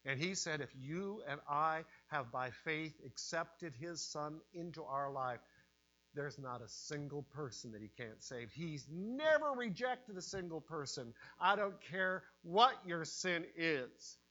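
Male preacher, sermon, high-ish voice, bright tense tone, hush to loud swings, faint hum. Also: lively intonation, measured pace. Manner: dramatic swings from hushed to loud.

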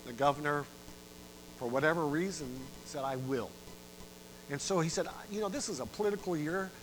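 A middle-aged male preacher with a bright, forceful voice that sits a little high. He builds his sermon story with dramatic surges and hushed drops. A faint hum runs under the recording. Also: moderate pace, rough recording. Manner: dramatic, swells loud for emphasis and drops low. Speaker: pastor.

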